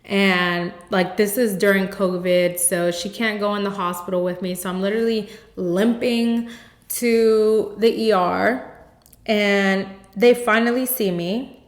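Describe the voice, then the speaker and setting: A young woman tells a personal story on her podcast, candid and emphatic, leaning on "like" and dropping blunt curses. Her voice sits at a middle pitch. The recording is roomy, with a clear echo around her. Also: fairly even intonation, a little slow. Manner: candid and emphatic, frequent "like" fillers, blunt swearing. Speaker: podcast host. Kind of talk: personal testimony, casual storytelling.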